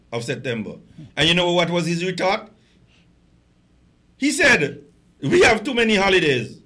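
Leidenschaftlicher Mann mit hellem Klang. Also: male voice, high-pitched, pushed and bright. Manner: passionate, emphatic, stammering repeats. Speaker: guest, political activist. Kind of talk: impassioned radio talk.

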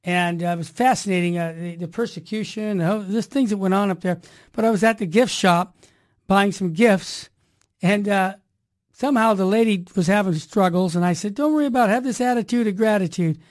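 A woman's voice: medium pitch, normal speed. Upbeat preachy woman radio host. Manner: energetic, preachy, upbeat rhyming catchphrases. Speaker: Catholic radio show host. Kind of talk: radio talk show monologue.

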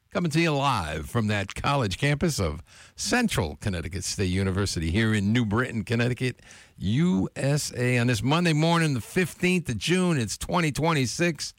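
A man's voice: medium pitch, normal speed, no room sound, clean studio sound. A man hosting a live morning radio show from a college station, casually greeting his listeners between tracks. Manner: relaxed, friendly shout-outs to listeners. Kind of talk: laid-back radio show chat. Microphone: studio mic, close.

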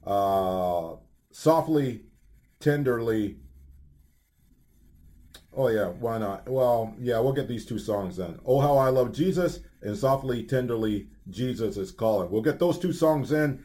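A man's voice: mid-range voice, lively intonation, slow, mellow. A man hosting a Christian radio show, talking casually with many fillers and restarts between upbeat announcements. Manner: rambling, filler-heavy, upbeat. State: hiccups. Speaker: radio host.

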